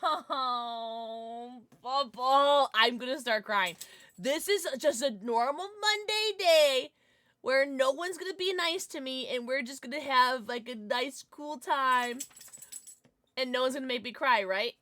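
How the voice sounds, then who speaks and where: A woman livestreamer chatting casually with her viewers, playful and jokey, thanking them warmly and cooing in baby talk to her dogs. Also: high-pitched, unhurried, no room sound. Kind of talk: casual chat with stream viewers.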